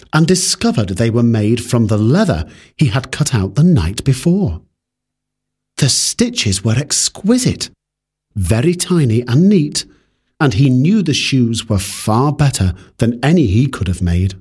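A man reading a fairy tale aloud in a measured, expressive way. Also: mid-range voice, slightly rough. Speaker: storyteller.

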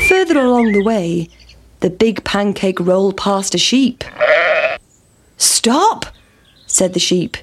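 A woman reads a children's story aloud at an unhurried pace, clearly and evenly. Her voice sits in a middle pitch, with a faint hiss behind it. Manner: slow, clear storybook delivery.

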